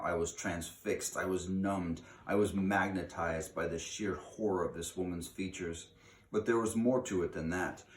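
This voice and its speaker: A man reading a children's book aloud in an expressive way, slowing down for dramatic emphasis. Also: low-pitched, a little hiss or hum. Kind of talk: read-aloud storytelling. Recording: echoey room.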